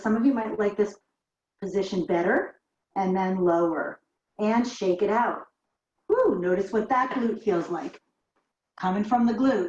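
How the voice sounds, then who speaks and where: A woman's voice: mid-range voice, darkish tone. A woman teaching a barre workout, counting reps and talking people through the moves while she does them herself, a little out of breath. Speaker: barre fitness instructor. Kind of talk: guided workout instruction. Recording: roomy, dull lo-fi sound.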